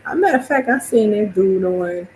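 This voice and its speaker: A woman's voice: medium pitch, expressive, a little fast, darkish tone, slight background noise, poor audio. A woman from New Orleans with a New Orleans accent, streaming a casual monologue, chatty and laughing often as she acts out her own reactions.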